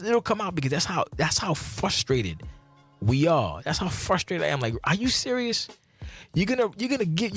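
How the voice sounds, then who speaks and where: A man hosting a gaming channel, delivering a profane, heated rant with many restarts and sudden jumps up in pitch when outraged. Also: fairly bright tone, husky. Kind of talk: profane ranting vlog.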